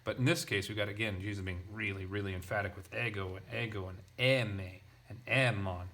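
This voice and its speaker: Low-voiced man thinking aloud over Greek text. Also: steady tone, a little fast, a bit bright. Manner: thinking aloud, hesitant, many restarts and asides. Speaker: Greek language teacher. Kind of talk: casual lesson.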